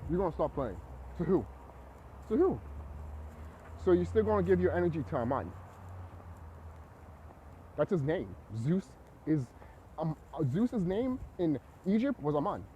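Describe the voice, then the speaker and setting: A man with a high voice vlogs in an agitated, preachy monologue. He swears freely and keeps repeating himself. His pitch leaps around with lively swings. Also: normal speed, pauses often, highs cut off, slight background noise. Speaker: vlogger. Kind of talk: ranting monologue to camera.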